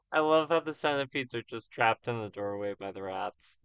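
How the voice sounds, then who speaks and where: A man's voice: mid-range voice, lively intonation, unhurried, a bit bright, soft background music. A man hosting a let's play of an old role-playing game, chatting casually with rambling asides. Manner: chatty, rambling, self-correcting.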